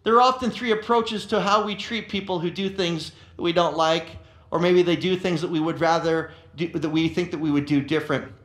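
A man with a notably high voice delivers a sermon as a pastor. He tells stories with animation, doubling back on words as he speaks. The sound carries a roomy echo. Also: fairly quick. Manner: animated storytelling with frequent repeated words.

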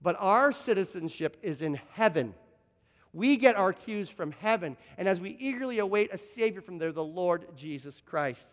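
High-voiced Canadian man preaching. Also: lively intonation, moderate pace, long reverb tail. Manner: earnest, repeats words when emphatic. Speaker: pastor. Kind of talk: sermon.

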